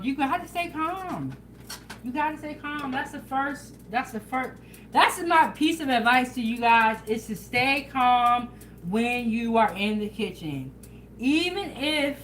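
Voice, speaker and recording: A woman hosting a casual home cooking vlog, chatting in a relaxed way and talking straight to her viewers. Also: on the high side, slight background noise, rough recording. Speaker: home cooking show host. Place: home kitchen.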